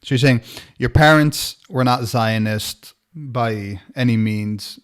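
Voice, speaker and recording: A man's voice: medium pitch, slow pace, fairly bright tone, clear, resonant tone. A man in his thirties hosting a podcast, talking casually with many restarts. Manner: conversational, frequent restarts and fillers. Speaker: podcast host. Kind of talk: casual conversational interview.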